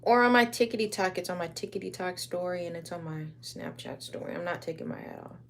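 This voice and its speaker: A woman's voice: fairly low pitch, quick pace, vocal fry, slight background noise. A young woman from Wisconsin chatting casually on a livestream while she crafts, rambling in slang.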